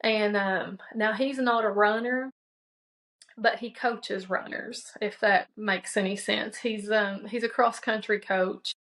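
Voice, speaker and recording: A woman's voice: mid-range voice, steady tone, slow, a bit bright, low-quality recording. A woman guest telling her own story on a podcast, in a level voice that barely rises or falls. She speaks casually, with fillers and restarts, and slips into quoting what she and others said. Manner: conversational, many fillers and restarts; quotes herself and others in dialogue. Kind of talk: personal storytelling.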